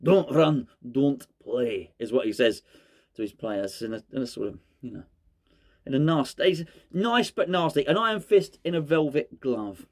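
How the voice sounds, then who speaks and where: A man hosting a casual football fan chat. He rambles and jokes, and his voice jumps up when he gets excited. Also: on the high side. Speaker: fan channel host.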